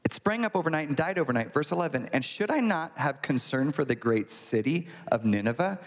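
A man preaching a sermon, retelling a scripture story in a conversational, animated way with acted asides. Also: a little high, brisk. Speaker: pastor. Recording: long hall reverb.

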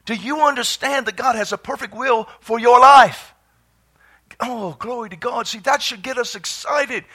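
Male preacher, high bright voice, unhurried, fervent and prone to shouting praise. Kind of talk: sermon.

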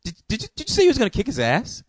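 A man voicing a furious young woman who shrilly accuses someone of threatening her boyfriend. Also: huge pitch swings. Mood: accusing. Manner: shrill, rapid, accusing outburst.

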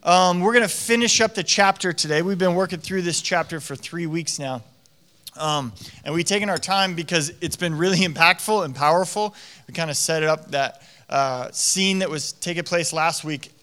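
High, bright-voiced chatty young preacher. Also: male voice, normal speed. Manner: animated storytelling with frequent "like" fillers. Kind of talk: conversational sermon.

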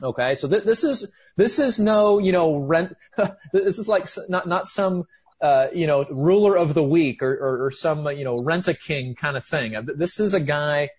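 Male preacher, high husky voice, fired-up and emphatic delivery, muffled lo-fi sound. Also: moderate pace. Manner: excited, emphatic, with frequent restarts. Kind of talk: sermon.

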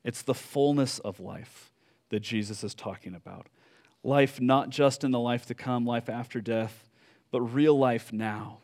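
Preaching in a mid-range voice, a man delivers a sermon story at a slow pace, full of fillers and pauses. This pastor goes soft whenever the moment turns solemn.

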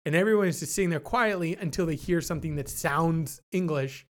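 A man's voice: fairly high pitch, brisk. A man co-hosting a podcast, talking things through in a thoughtful, hedging way with many restarts. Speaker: podcast co-host. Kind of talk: casual discussion.

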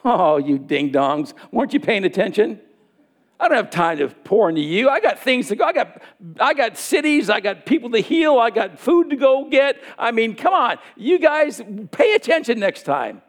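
A man voicing an exasperated teacher who sarcastically chides his slow disciples, his voice rising higher and louder than his usual speaking voice. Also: sing-song, exaggerated voice. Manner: chiding, sarcastic.

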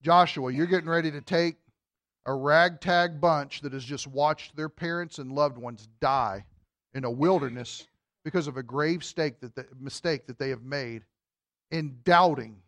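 A male pastor preaching with lively energy, his voice pitched notably high. He moves between reading scripture and joking asides to the congregation. The sound is dry and close, with little room echo. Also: a little slow. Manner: animated, joking asides, reads scripture aloud. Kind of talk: sermon.

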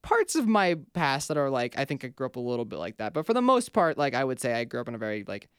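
A man's voice: mid-range voice, big pitch swings, fast talker, clear, resonant tone, no room sound, clean studio sound. A man co-hosting a casual chat about films, blunt and opinionated, telling stories animatedly with lots of fillers. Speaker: podcast co-host.

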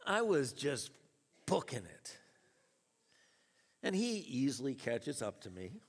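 Animated preacher man in a reverberant hall. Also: medium pitch, extremely slow, pauses often, husky. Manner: storytelling preacher, animated with chuckles. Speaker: pastor. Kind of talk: sermon.

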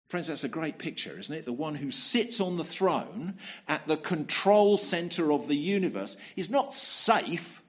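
A man's voice: fairly high pitch, lively intonation, measured pace. A man preaching a sermon in a conversational manner, often asking rhetorical tag questions and repeating words as he restarts.

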